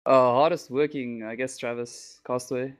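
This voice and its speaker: A man from South Africa, a guest on a gaming podcast, talking in a relaxed, mumbly way with plenty of fillers. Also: medium pitch, normal speed. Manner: laid-back, mumbly, lots of fillers. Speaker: podcast guest, esports player. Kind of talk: casual interview chat.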